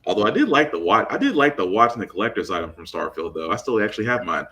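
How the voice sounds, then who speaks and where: A man hosting a casual gaming podcast, animated and quick to jump in with his own take. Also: on the low side, background noise. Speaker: podcast host.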